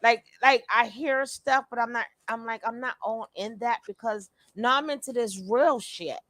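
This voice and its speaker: A woman hosting a live stream, lively and greeting her viewers. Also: fairly high pitch, moderate pace, dry recording. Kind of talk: casual chat.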